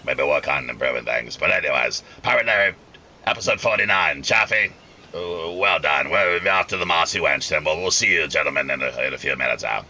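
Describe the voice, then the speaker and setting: A man voicing a hard-drinking pirate captain who co-hosts the show, with a robotic, flat sound and formal, gracious manners. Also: rumbling low, a little fast, dull audio, slight background noise, full character voice. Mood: hearty. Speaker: co-host.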